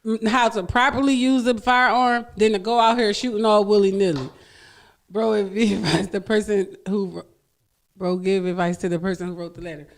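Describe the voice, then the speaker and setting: A woman's voice: medium pitch, fairly even intonation, normal speed. A woman co-hosting a radio show, chatting casually, teasing her partner and laughing often. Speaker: radio co-host.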